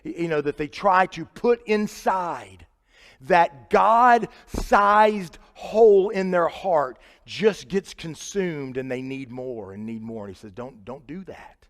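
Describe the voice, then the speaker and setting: A man with a fairly high voice delivers a sermon in an earnest, conversational way. He swings between loud emphasis and quiet asides, and the church hall gives his voice a long reverb. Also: expressive, slow. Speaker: preacher. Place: church sanctuary.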